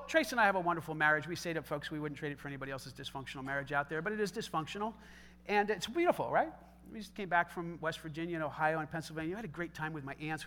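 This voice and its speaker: A middle-aged male pastor preaching a sermon, animated, moving between loud exhortation and soft, conversational storytelling with joking asides. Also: high voice, slight background noise.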